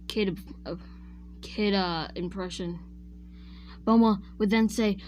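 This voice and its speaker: A woman's voice: mid-range voice, steady tone, takes it slowly, pauses often, a little mellow, a little hiss or hum. A woman casually retelling a fan-made what-if story, rambling and often correcting herself mid-sentence while chatting to viewers. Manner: chatty, addresses viewers directly.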